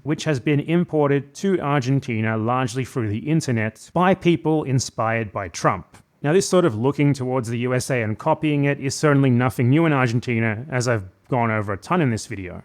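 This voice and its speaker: A man narrating a scripted video essay in a critical, sardonic manner. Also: medium pitch.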